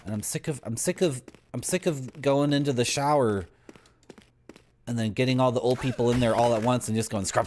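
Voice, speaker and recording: A young man streaming a video game live, rambling through deadpan absurd tangents as he plays. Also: medium pitch, fairly quick, slight background noise. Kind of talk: live gameplay commentary.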